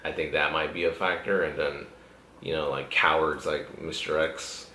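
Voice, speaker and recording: A man's voice: very deep voice, little pitch movement, normal speed, bright, forceful tone, a little hiss or hum. A young man hosting a podcast, talking loosely with lots of swearing and laughter. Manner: laid-back, profane, frequently laughing. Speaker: podcast host. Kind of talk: casual chat. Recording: echoey room.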